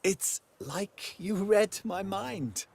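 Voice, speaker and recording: A man voicing a flattering, theatrical merchant in a video game. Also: high voice, extremely slow, gravelly, full character voice. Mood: eager.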